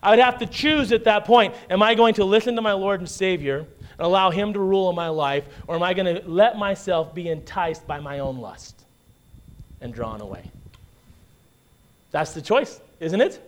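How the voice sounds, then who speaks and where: A man with a notably high-pitched voice delivers a sermon as a pastor. He talks to the congregation in a casual, back-and-forth way, stacking "right?" and "okay?" and doubling up words as he presses his point. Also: normal speed. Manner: conversational preaching with frequent "right?" and "okay?" check-ins; repeats and restarts words when emphasizing.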